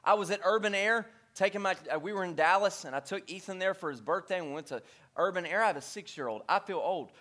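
High-voiced joking male preacher. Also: fast talker, a bit bright. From Louisiana. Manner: joking, conversational preaching with repeated refrains. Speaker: pastor. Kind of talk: sermon. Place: church.

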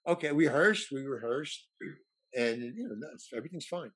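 Male actor guest, lively pitch, husky, rambling casual storytelling. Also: normal speed. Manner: rambling with many restarts and stammers. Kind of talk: casual anecdote telling.

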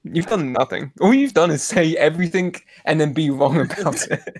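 A man's voice: a little high, lively intonation, normal speed, darkish tone, no echo. A man co-hosting a podcast in casual chat, recapping a story with dry, teasing banter. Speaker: podcast co-host.

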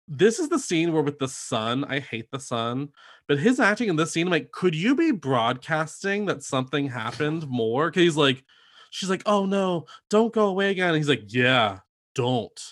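A man's voice: medium pitch, a bit bright. A man co-hosting a podcast, chatting casually and laughing as he recaps a TV episode with mocking impressions. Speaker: podcast co-host.

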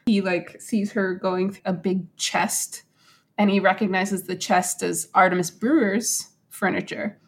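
A woman casually retelling a true story to a co-host, animated and acting out quotes in little voices. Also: mid-range voice, a little slow. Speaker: podcast host.

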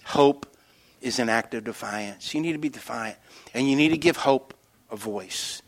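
A middle-aged man preaching a sermon as pastor, telling stories with animated energy and dropping to quiet, earnest emphasis. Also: mid-range voice, moderate pace. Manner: animated storytelling that shifts between loud excitement and quiet earnest emphasis.

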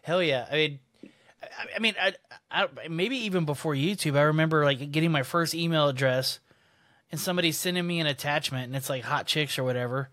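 A man's voice: fairly high pitch, brisk, a bit bright. A man in casual podcast banter, laid-back and profane, laughing along.

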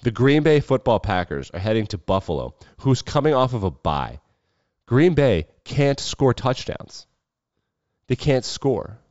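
A man hosting a casual solo sports talk show, profane and wry with quick asides. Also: mid-range voice, sing-song, a little mellow, no room sound, dull audio. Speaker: sports betting show host.

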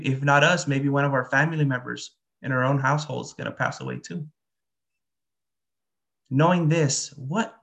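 Gravelly-voiced man giving a dharma talk. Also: mid-range voice. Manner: earnest, plainspoken, with frequent fillers. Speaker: Buddhist teacher. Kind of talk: dharma talk and guided meditation.

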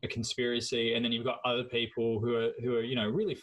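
A man's voice: mid-range voice, quick pace, rough recording. Australian man hosting a casual podcast. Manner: relaxed, conversational, swears casually. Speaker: podcast host.

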